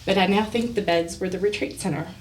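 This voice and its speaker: A woman's voice: medium pitch, fast talker. A woman guest on a podcast, telling a personal story in a casual way. She acts out the lines of other people, laughs often and gets a little emotional. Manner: animated, acts out quoted dialogue, laughs often; emotional, close to tears at times. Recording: voice a bit far from the mic, faint hiss.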